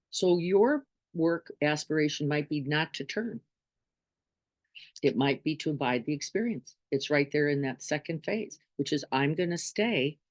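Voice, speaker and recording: With a low voice and no room sound, a middle-aged woman gives an informal spiritual talk to the group she teaches. She speaks conversationally and keeps checking in with her listeners by asking "right?".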